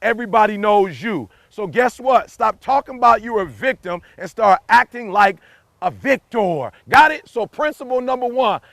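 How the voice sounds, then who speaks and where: A man's voice: high-pitched, expressive, normal speed, vocal fry, fairly bright tone, no room sound, studio quality. A man giving a motivational speech in an emphatic, preachy way, repeating his key lines and driving each point home. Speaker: motivational speaker.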